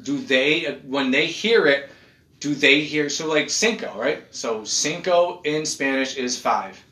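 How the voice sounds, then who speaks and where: A man in casual chat, rambling and animated, swearing as he goes. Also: on the high side, measured pace. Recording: echoey room.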